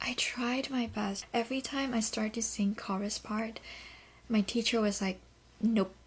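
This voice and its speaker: A woman's voice: a little high, fairly even intonation, moderate pace, slightly rough. A young woman with a Korean accent hosting a solo podcast, talking candidly and reflectively with a loose, conversational flow. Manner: candid, reflective, often starts with "so". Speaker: podcast host. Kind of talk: casual solo podcast talk.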